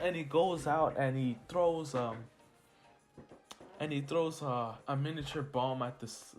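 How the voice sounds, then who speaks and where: A man's voice: medium pitch, measured pace. A man casually telling a made-up fan story, rambling, correcting himself and laughing at his own slips. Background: soft lofi music.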